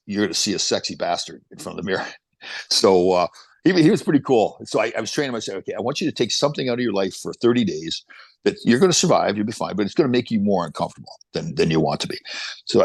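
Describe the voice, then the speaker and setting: Gravelly, fast-talking older man. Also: deep voice, no echo. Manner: energetic, motivational storyteller. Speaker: podcast guest, motivational speaker. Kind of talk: casual chat, storytelling.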